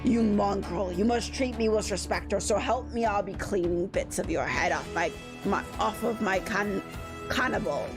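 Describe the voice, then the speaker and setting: A woman's voice: mid-range voice, normal speed, music in the background, lightly acted. A woman voicing a pompous, protective old male demon samurai ancestor in a game read-aloud, haughty and threatening.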